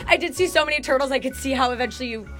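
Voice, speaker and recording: Fast-talking, high-voiced female radio co-host. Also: music in the background. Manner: quick, excitable storytelling. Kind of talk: morning radio banter.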